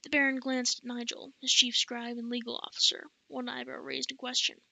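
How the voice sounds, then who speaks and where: A woman's voice: sits high, flat delivery, a little fast, gravelly, bright, forceful tone, no room sound, rough recording. A woman reading a novel aloud as an amateur audiobook narrator, often stumbling and restarting words. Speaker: audiobook reader.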